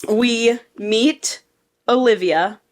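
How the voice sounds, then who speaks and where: A woman's voice: on the high side, very slow. Chatty woman recapping a book. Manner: chatty, profane, acts out characters while recapping. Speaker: podcast co-host. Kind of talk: casual book-review chat.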